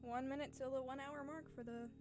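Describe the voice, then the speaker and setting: A young woman hosting a casual livestream, chatting in a put-on posh British English accent; chatty, quick to laugh and often restarting her sentences. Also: sits high, steady tone, over music, natural voice. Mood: amused. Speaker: channel host answering chat questions.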